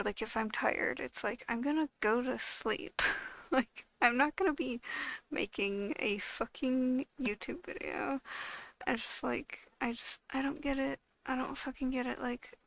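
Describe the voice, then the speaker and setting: A young woman speaking casually to camera, her slightly high voice gravelly and low-energy, dragging slowly along. She rambles in frustration, stacking fillers and swear words. The sound is close and dry. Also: a bit bright, no echo. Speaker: vlogger.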